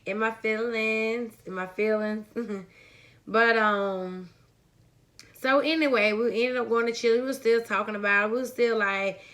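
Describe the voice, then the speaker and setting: A young woman with a fairly high, bright and forceful voice tells a personal story to her viewers. She rambles in a chatty way, fills gaps with "um," and keeps turning to her audience with "y'all.". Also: fairly even intonation, a little slow. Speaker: vlogger. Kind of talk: casual story time to viewers.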